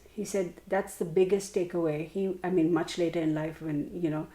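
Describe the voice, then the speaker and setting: A woman's voice: fairly low pitch, little pitch movement, moderate pace, hardly any pauses, warm tone, reverberant. A woman hosting a tarot channel, chatting casually to her viewers with lots of fillers and restarts. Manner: rambling, many fillers and restarts. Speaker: tarot reader and channel host.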